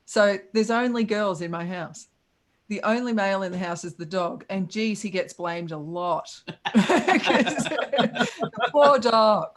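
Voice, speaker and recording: Slow, laid-back man chatting. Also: high voice, lively intonation, fairly bright tone. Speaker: host. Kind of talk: casual chat.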